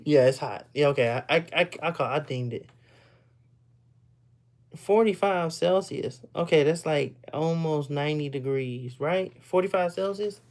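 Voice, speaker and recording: A man from Texas talks casually to his live-stream viewers in a slightly high voice at normal speed, hardly pausing. He rambles, repeats words, and laughs often.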